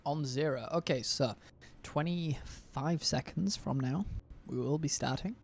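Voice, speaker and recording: A man's voice: a little high, measured pace, creaky, slightly rough. A man casting a live online game match, chatty and self-deprecating, rambling between play calls. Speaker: stream caster.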